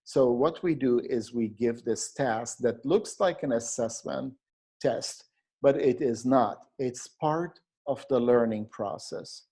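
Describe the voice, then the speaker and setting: A man explains a grammar lesson to teachers in a narrated training video. His voice is mellow and dark, and he talks slowly. He stops and restarts often. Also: mid-range voice, slightly rough. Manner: slow, explanatory, with frequent fillers and restarts.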